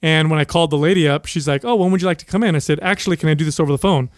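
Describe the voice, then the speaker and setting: An animated man spins a story over casual podcast banter, swearing freely as he goes. His voice sits a touch higher than most men's. The sound is dry and close, with no room echo. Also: racing. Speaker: podcast co-host. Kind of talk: casual chat.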